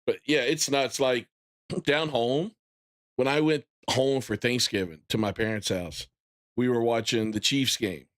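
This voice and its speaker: A gaming streamer in his thirties chats casually on a live stream in a mid-range voice, speaking a little slowly. He's animated and breaks into loud, excited bursts while retelling things.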